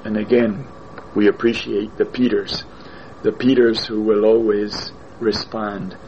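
A man preaching a sermon in a slow, deliberate way, repeating his phrases for emphasis. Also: lowish voice, level tone, darkish tone, lo-fi sound, slight background noise.

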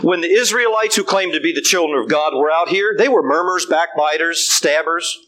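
A man's voice: a little high, a little fast, fairly bright tone, voice pushed down, lightly acted. An older man voicing a sly, mocking male devil in a sermon, taunting.

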